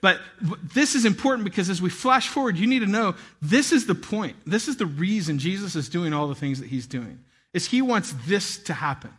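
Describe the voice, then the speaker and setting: A man in his thirties preaching a sermon, telling a lively story with acted-out shouts and laughter. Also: sits high, a little fast, breathy edge. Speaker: pastor.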